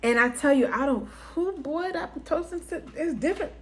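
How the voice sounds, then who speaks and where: A woman's voice: high-pitched, brisk. A woman vlogger telling a personal story to her viewers in a casual way, laughing often and acting out what people said. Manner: animated, laughing often, acts out quotes.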